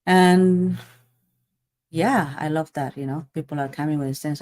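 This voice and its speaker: A woman's voice: low voice, fairly even intonation, moderate pace, warm tone. A woman hosting a podcast in casual chat, talking in a reflective, thoughtful way. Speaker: podcast host.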